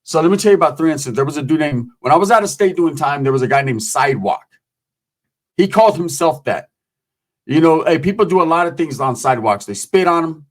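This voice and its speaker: A man's voice: a little high, expressive, fast talker. Profane streetwise man telling prison stories. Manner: profane, streetwise, acts out voices in quotes. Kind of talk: casual storytelling.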